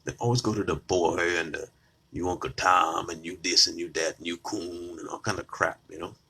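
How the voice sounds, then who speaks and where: Man, political commentator, talks to his viewers, combative, repeats himself, husky, bright tone. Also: deep voice, fairly even intonation, moderate pace. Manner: combative, repetitive, addresses viewers directly. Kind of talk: casual opinion monologue.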